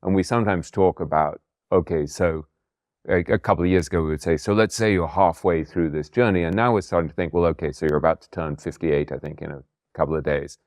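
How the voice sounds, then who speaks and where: Low-voiced male interview host. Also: steady tone, fast talker, darkish tone, no room sound, clean studio sound. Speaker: podcast host. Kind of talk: conversational interview.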